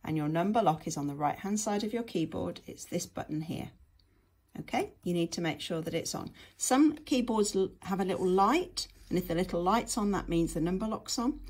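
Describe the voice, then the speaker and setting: A woman's voice: lowish voice, lively intonation, normal speed, a little mellow, slightly rough. A woman, teaching patiently and step by step in a screen-share tutorial. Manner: patient, step-by-step, frequent "okay".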